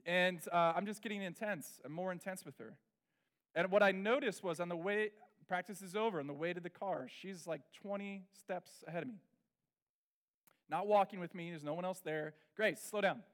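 During a sermon, a middle-aged male pastor tells a personal story candidly and with animation, at times dropping into soft, confessional tones. His voice is high-pitched and his pace moderate.

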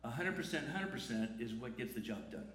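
A man's voice: medium pitch, animated, fairly quick, fairly bright tone, a little hiss or hum. A man preaching a sermon in a conversational way, asking rhetorical questions. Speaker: pastor. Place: church sanctuary. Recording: echoey church room.

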